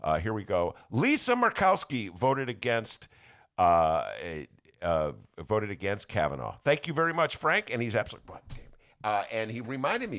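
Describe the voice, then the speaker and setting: A man's voice: mid-range voice, fairly bright tone. A man giving an indignant, stumbling political rant on a talk podcast, recorded at a studio microphone. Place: radio-style studio.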